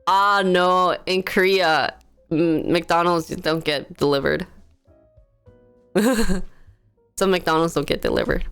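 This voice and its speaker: A woman livestreams from home, telling stories in a chatty way and laughing often. Her lowish voice is fairly bright and clean, with fairly even intonation, a slow pace, and frequent pauses. Soft music plays in the background.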